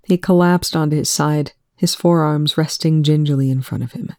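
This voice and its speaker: A woman reading a story aloud in a soft, hushed manner, with quiet dialogue. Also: deep voice, steady tone, no echo, studio quality. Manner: soft-spoken, slow and hushed. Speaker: fan fiction reader. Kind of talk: reading fiction aloud, then casual commentary.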